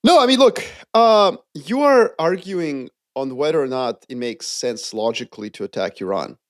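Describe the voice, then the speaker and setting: A man co-hosting a casual podcast, explaining his views in an animated way and acting out quotes. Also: on the high side, moderate pace, no room sound, studio quality. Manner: animated, acts out quoted voices. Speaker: podcast co-host. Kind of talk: casual geopolitical chat.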